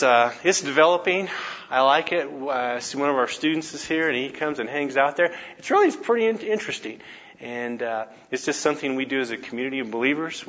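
A man's voice: medium pitch, bright, forceful tone. A campus minister giving a conversational teaching talk, telling stories and often checking in with his listeners with tag questions. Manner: storytelling, frequent tag questions. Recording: dull lo-fi recording, faint noise.

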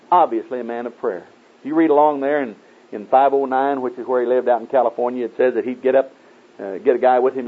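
Male preacher, husky voice, folksy sermon storytelling, lo-fi phone-like recording. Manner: folksy storytelling, acting out voices in raised pitch. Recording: tinny phone-like old tape.

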